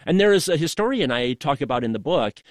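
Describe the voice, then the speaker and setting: A man being interviewed as an author, explaining his points in a measured way. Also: on the high side, sing-song, no room sound, clean studio sound. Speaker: author guest. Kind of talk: interview answers.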